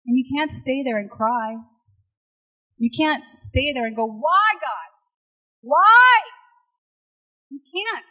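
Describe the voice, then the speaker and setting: A woman from Puerto Rico giving an emphatic, emotional inspirational speech on stage. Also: sits high. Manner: emphatic and emotional, quoting others dramatically. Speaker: motivational speaker. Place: large hall before an audience. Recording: echoey hall with long reverb.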